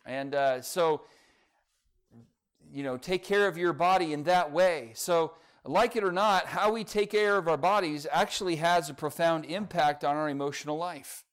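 A man's voice: on the high side, normal speed, smooth. A middle-aged man, a pastor giving a sermon in a church in a conversational, folksy way, telling a humorous family story.

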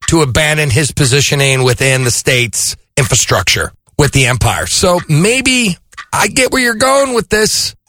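A man's voice: on the high side, lively intonation, normal speed, bright, forceful tone, no echo, clean studio sound. A man co-hosting a podcast, playfully arguing a point amid laughter. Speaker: podcast co-host. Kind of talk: casual comedic podcast banter.

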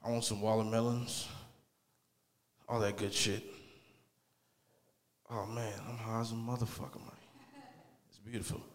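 A man's voice: fairly low pitch, little pitch movement, unhurried, long pauses. A man doing a rambling, crude open-mic stand-up set in a small comedy club. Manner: rambling, crude and laid-back. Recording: club mic with long reverb.

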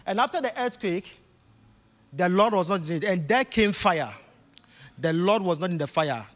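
A man preaches a sermon in a church hall, his voice sitting high, expressive, and fairly bright at a normal speed. His phrasing is emphatic and repetitive, swelling into bursts. The hall is reverberant, with faint music underneath.

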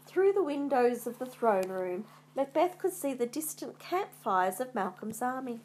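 A woman narrates a classic tale slowly and deliberately, taking her time over each sentence. Her voice sits a little high for a woman. She reads in a calm, measured storybook manner. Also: a little hiss or hum. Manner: measured, unhurried storybook reading.

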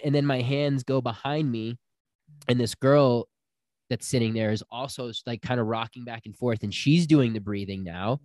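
A man's voice: mid-range voice, normal speed, no echo, studio quality. A young man telling a personal story in casual chat, acting out the people he quotes. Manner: animated storyteller, acts out quotes.

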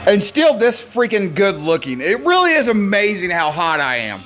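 A man's voice: sits high, huge pitch swings, moderate pace, a bit bright, soft background music. Sarcastic forty-year-old man ranting. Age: 40s. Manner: sarcastic, self-deprecating, swearing. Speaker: podcast host. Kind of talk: drunk comedic rant.

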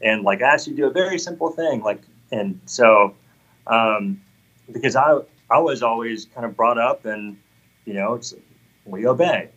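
A man's voice: medium pitch, lively intonation, unhurried, fairly bright tone, highs cut off. A man in his thirties telling an earnest, heartfelt personal faith testimony in conversation. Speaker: guest sharing a testimony.

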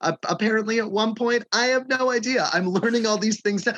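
A man co-hosting a casual podcast chat, animated and laughing often as he acts out relatives in quoted voices. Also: sits high, fairly quick, few pauses, dry recording, muffled recording. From Staten Island, New York. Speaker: podcast co-host.

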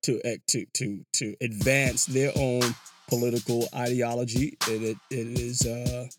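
Speaking from a small, enclosed booth, a podcast host delivers casual solo commentary in a medium-pitched, flat voice at a slightly slow pace. He rambles loosely, dropping in plenty of "yo" and restarting his sentences. Background music plays clearly throughout.

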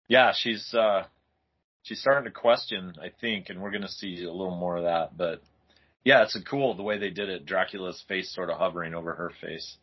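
Man, low pitch, husky, relaxed, agreeable, comic podcast co-host, lo-fi audio. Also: a little fast. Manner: relaxed, agreeable, laughs often. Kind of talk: casual comic book discussion.

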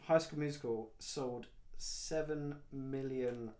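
A man's voice: mid-range voice, fairly even intonation, slow, a little mellow. A man hosting a podcast in casual chat, laid-back, swearing and saying "mate". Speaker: podcast host.

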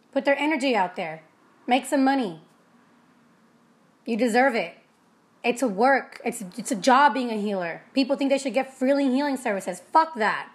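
A young woman with a high, bright-sounding voice talks straight to her listeners in a loose motivational monologue. She is blunt and profane, and she tells her stories with plenty of animation, like an energy healer talking about running her own business.

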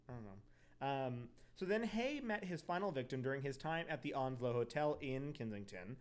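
A man's voice: mid-range voice, very animated, moderate pace. A young man hosting a podcast, telling a true crime story casually, with profane asides and self-corrections. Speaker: podcast host.

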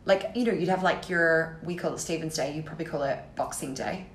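An Irish woman chats on a relaxed podcast with a low-set voice. She teases gently and laughs readily. The room gives her voice a noticeable echo. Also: fairly quick, a little hiss or hum. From Ireland. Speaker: podcast co-host. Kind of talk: casual chat.

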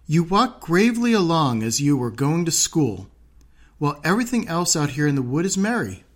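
A man's voice: a little high, very animated, normal speed. A man voicing a sly, greedy wolf in a storybook, his tone wheedling and playful. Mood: coaxing. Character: sly, greedy male wolf, coaxing and crafty.

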